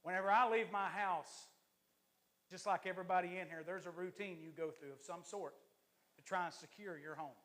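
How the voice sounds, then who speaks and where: A man, an assistant pastor, preaching a lively, joking sermon to his church congregation. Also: high voice, brisk.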